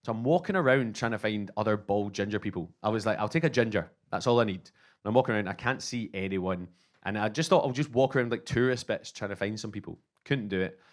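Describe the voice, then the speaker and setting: A Scottish man in his thirties tells a stand-up story, voice sitting on the low side. He is animated and self-mocking, slipping in and out of the people he describes. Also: quick pace. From Scotland. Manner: animated, self-mocking, acts out both sides of dialogue. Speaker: stand-up comedian.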